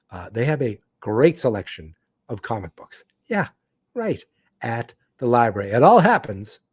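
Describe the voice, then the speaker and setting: A man's voice: mid-range voice, darkish tone, no echo, studio quality. A man hosting a live book-club podcast, reading a comic aloud and breaking off for chatty asides. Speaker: podcast host.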